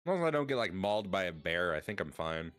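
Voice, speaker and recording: A man streaming and chatting casually, rambling with lots of fillers and sudden excited bursts. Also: low-pitched, fast talker, clean tone, dry recording.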